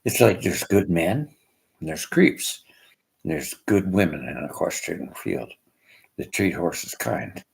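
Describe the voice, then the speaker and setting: An older man from Canada tells rambling personal stories in a gravelly, unhurried voice. His pitch swings a lot as he acts out the people he quotes. The sound is echoey, as if recorded in a bare room. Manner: rambling, animated storyteller acting out quoted voices. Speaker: vlogger.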